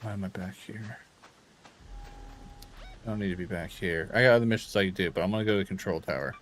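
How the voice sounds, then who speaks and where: A tired man talks his way through a game stream in a low voice, half to himself and half to his viewers. His commentary is loose and rambling. A faint hum of ambience sits behind him. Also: quick pace. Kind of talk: casual live gameplay commentary.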